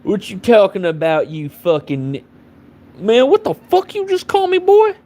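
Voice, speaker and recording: A man voicing a hot-headed, belligerent redneck who shouts threats. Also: a little high, normal speed, close to an everyday voice. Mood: menacing.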